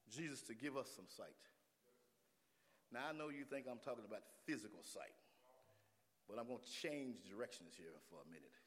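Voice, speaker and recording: A man preaching a sermon, moving from easy talk to shouted, rising calls and back. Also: mid-range voice, long reverb tail. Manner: builds from talk to shouting, call and response. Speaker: pastor.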